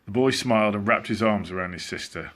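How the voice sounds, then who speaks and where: A man reading a children's storybook aloud as a teacher, in an animated, expressive way. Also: lowish voice, a little fast, noisy background.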